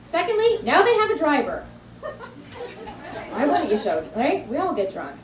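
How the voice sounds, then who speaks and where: A woman from New Jersey doing a stand-up comedy set, telling animated stories with sudden high-pitched punchlines. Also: moderate pace, recorded from a distance. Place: comedy club stage. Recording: echoey club recording from afar, with crowd laughter.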